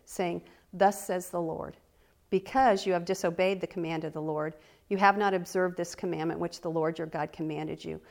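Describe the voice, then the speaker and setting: A woman teaching the Bible, reading scripture aloud slowly and deliberately, with earnest conversational asides. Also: on the low side, vocal fry, a little mellow. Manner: reads slowly and deliberately, stressing key words.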